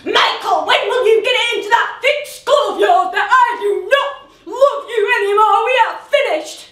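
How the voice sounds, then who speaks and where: A woman voicing a cold mother who yells scornfully at her husband. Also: extremely high pitch, normal speed, pitched above the performer's own voice. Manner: shouting, scornful. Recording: roomy theatre heard from a distance.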